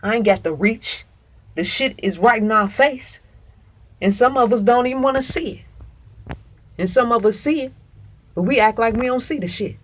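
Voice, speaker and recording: A woman with a husky voice delivers a casual monologue straight to the camera. She presses every point hard, swears freely and keeps calling the listener "honey". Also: a little high, expressive, normal speed, pauses often. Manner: emphatic, profane, calls listener "honey".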